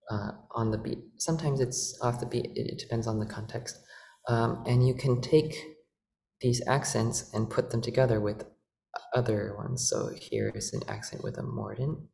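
A man presenting an organ workshop, explaining in a halting way with many fillers. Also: medium pitch, creaky, darkish tone, a little hiss or hum. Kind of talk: lecture demonstration. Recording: roomy, with organ music.

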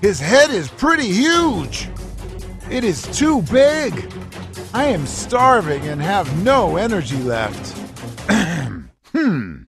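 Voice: medium pitch, big pitch swings, slow, over music. A performer voicing a hungry, bumbling carnivorous dinosaur villain in a cartoon, blustering and huffing between greedy boasts. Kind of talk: cartoon voice acting.

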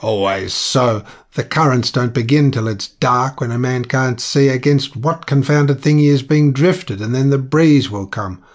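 Brief: deep-voiced sea captain, commanding and brisk, heard calling from a distance, as the narrator plays him. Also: male voice, natural voice. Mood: grumbling. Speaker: ship's captain.

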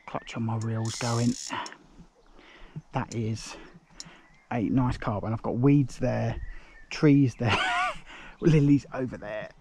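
A man commenting on his own fishing as he fights a fish, excited and muttering, straining with an aching arm. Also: medium pitch, takes it slowly, pauses often, a little hiss or hum. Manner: excited, breathless exclamations, muttered asides. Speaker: fishing vlogger. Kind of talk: live commentary while fishing. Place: outdoors by a lake.

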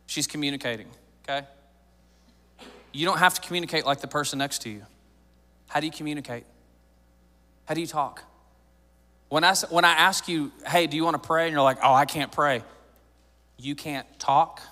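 A man's voice: fairly high pitch, brisk, pauses often, pushed and bright, big-room sound. A man in his thirties preaching a sermon in a church, joking and conversational, building to emphatic points. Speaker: pastor. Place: church sanctuary.

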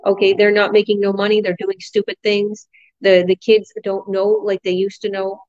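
A woman coaching a casual group video chat, telling stories with animated energy and mimicking her children. Her voice sits at a middle pitch. The call audio is dry and slightly muffled. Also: normal speed, dry recording. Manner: animated storyteller, acts out her kids' voices.

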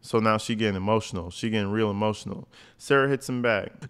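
A man's voice: lowish voice, fast, hardly any pauses, fairly bright tone, clean tone. A man giving profane reaction commentary, blunt, crude and mocking.

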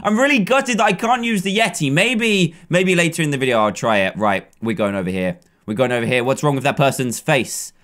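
A young English man in his twenties giving excitable, playful gameplay commentary, chatting and often breaking into yelling. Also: mid-range voice, brisk, few pauses. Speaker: gaming YouTuber.

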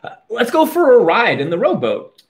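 A man's voice: sits high, huge pitch swings, normal speed, voice pushed up, exaggerated voice. A man voicing a kind, cheerful young female pig from a children's storybook, in a chirpy, encouraging way.

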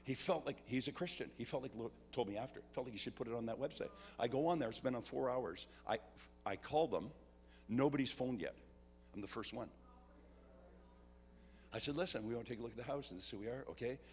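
A man preaching at a church service. He tells a personal story, acts out each side of the dialogue, and builds to a loud call to give. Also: lowish voice. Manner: builds to a loud exhortation about giving. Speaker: guest preacher. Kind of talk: sermon with a personal testimony. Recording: long hall reverb with a faint hum.

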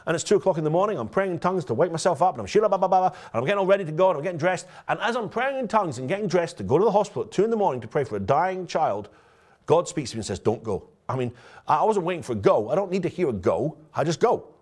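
A man's voice: fairly high pitch, racing. A man, a pastor, preaching a conversational sermon and telling stories directly to his congregation. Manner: storytelling, lively and direct, addresses the congregation.

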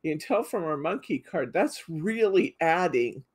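Slow, chatty woman hosting a craft stream. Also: low-pitched, expressive, darkish tone, husky. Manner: chatty, reads out viewer comments, frequent laughs. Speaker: craft show host. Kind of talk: casual live craft demo chat.

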